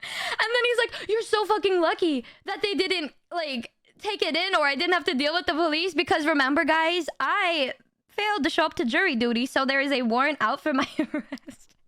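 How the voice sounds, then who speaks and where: A young woman streamer telling a story to her chat in a casual, animated way, swearing and laughing as she goes. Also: extremely high pitch, moderate pace, no room sound, studio quality.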